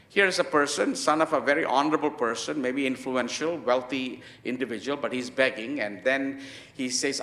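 A man preaching a sermon in an emphatic way, with many pauses and fillers. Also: medium pitch, expressive, a bit bright, roomy sound. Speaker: pastor.

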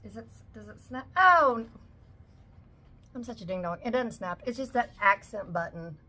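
A woman's voice: mid-range voice, brisk, fairly bright tone, husky. A woman in her forties chatting casually at home as she unboxes a shopping haul, gushing over each item. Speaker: vlogger.

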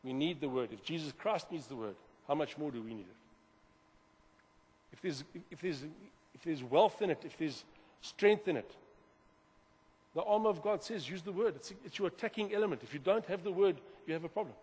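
A man preaching a sermon as pastor, animated, repeating words and swinging from loud to quiet. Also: on the high side, a little fast, breathy edge. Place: church hall. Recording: long hall reverb.

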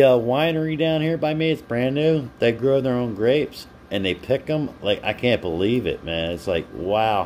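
A man's voice: fairly low pitch, a little mellow, a little hiss or hum. Chatty live-streaming man reading comments. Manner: chatty, laughs often, talks to viewers by name. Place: home.

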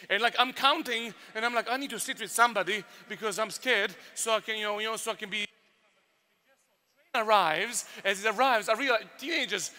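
A man with a Serbian accent telling stories and preaching at a youth workshop, animated and full of sound effects. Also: high voice, moderate pace. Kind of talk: storytelling youth workshop talk.

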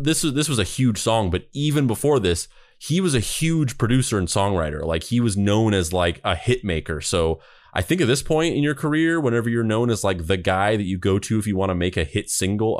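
Low-voiced man in rambling chat. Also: no echo, studio quality. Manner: rambling, full of fillers and restarts. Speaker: podcast co-host. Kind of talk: casual chat.

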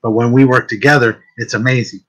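A man with a fairly deep voice, hosting a casual chat as a psychic medium and telling stories in an animated way, often repeating words as he starts a thought. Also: a little fast, poor audio.

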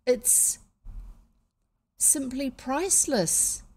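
A woman's voice: high-pitched, lively intonation, very slow, darkish tone, breathy edge, pitched above the performer's own voice, heavily acted. A woman reading aloud, voicing an eager boy who makes things up as he goes. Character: eager boy, inventive elder brother.

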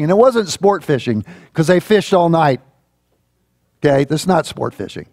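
A man preaching a sermon as a church pastor, telling a Bible story with lively acted-out voices. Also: on the high side, a little slow, gravelly, no echo, studio quality. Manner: animated storytelling, acting out quoted voices.

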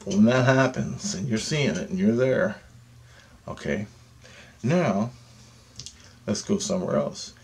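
A man's voice: lowish voice, slow pace, vocal fry, long pauses. A man leading a guided meditation who talks in a profane, insistent way and keeps asking "okay?". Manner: grows louder and more animated as he goes. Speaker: meditation teacher.

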